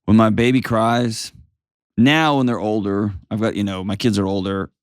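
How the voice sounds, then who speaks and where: A man in his forties hosting a call-in advice show, calm, reassuring and emphatic as he coaches a caller. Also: lowish voice, moderate pace, smooth, no room sound, clean studio sound. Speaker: host.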